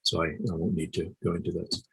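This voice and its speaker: A middle-aged man delivers a conference lecture in a low, slightly husky voice. He speaks in a measured way, pausing often on fillers and restarting phrases. The sound is dry and close. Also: level tone, no echo, poor audio. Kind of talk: academic lecture.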